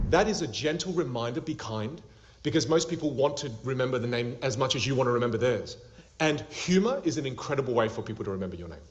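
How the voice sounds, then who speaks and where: Animated man coaching over a dull call. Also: mid-range voice, fast. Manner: animated, laughing, acts out little scenes. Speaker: public speaking coach. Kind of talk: interactive online class. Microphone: video call. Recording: dull lo-fi video call audio.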